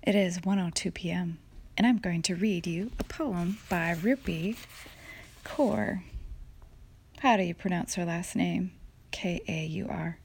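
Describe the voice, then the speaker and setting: Woman w a gravelly raspy late-night voice, slow and half whispering a poem. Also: on the low side, slight background noise. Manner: soft, slow, partly whispered delivery. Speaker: poetry reader. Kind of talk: impromptu poetry reading.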